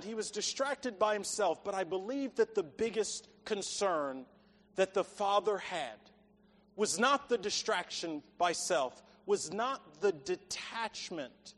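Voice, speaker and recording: A man's voice: sits high, expressive, slow, a bit bright. A man preaching a sermon in an earnest, emphatic way, quoting scripture. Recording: long echoey hall reverb.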